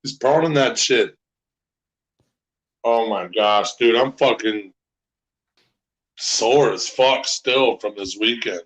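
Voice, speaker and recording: Slow-talking crude man bantering. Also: medium pitch, fairly bright tone, low-quality recording. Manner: crude, laughing, unhurried with many ums. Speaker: co-host. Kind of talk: casual chat.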